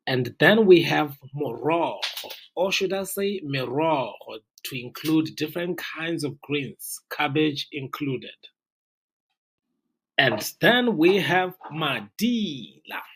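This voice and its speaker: Slow, patient teacher. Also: mid-range voice, animated, a bit bright, husky, poor audio. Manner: slow, repeats each word for learners. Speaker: language teacher. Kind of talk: language lesson.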